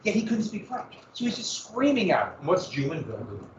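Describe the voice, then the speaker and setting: Male history teacher, slightly high voice, storyteller style with loud bursts, dull echoey classroom sound from a distance. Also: huge pitch swings, fairly quick, slight background noise. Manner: vivid dramatic storytelling with sudden loud bursts. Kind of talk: classroom lecture.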